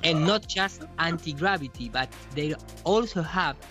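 A male guest recounts stories with incredulous emphasis, his phrasing halting and uneven. His voice sits a little high. Faint music runs behind. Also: lively intonation, bright, forceful tone. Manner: storytelling, incredulous, halting non-native phrasing. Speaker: guest speaker. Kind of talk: casual chat.

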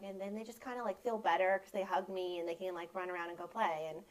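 A woman's voice: medium pitch, fairly even intonation, fast talker, poor audio. A woman in her thirties, a photographer guest on a podcast, openly telling stories about her kids in casual chat. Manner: open, warm storytelling about her kids.

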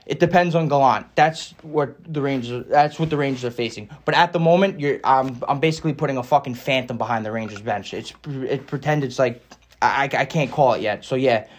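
A young man co-hosting a podcast, arguing fast and swearing often, talking over his partner. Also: medium pitch. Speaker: podcast co-host. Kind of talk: heated casual sports debate.

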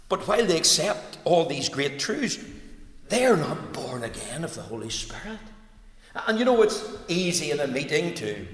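A man preaching a sermon, swinging from loud emphatic cries to low earnest tones. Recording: echoey hall sound.

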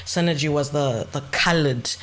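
Zimbabwe-born woman chatting on a podcast, low-ish voice, blunt, says it straight. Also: normal speed. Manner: blunt, forthright, swears freely. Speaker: podcast co-host. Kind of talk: casual chat.

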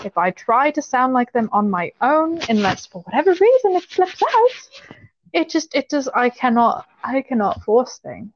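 A woman's voice: high-pitched, sing-song, normal speed, no room sound. Rambling woman, lo-fi call audio. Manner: rambling, self-interrupting, laughs often. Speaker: podcast co-host. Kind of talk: casual chat.

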